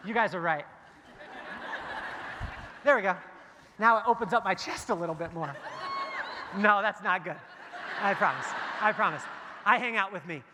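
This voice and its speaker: A man giving a motivational keynote in a large hall, telling stories in a lively, joking way and acting out the dialogue. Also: sits high, normal speed, pauses often, noisy background. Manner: animated, jokey storytelling with acted-out dialogue. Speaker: keynote speaker. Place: large hall before a big audience. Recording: long hall reverb.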